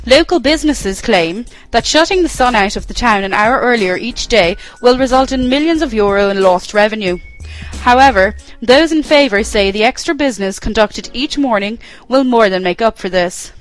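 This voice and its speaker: A woman's voice: a little high, poor audio. Straight-faced woman reading mock news. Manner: straight-faced newsreader delivery. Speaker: spoof newsreader. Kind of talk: scripted mock news bulletin.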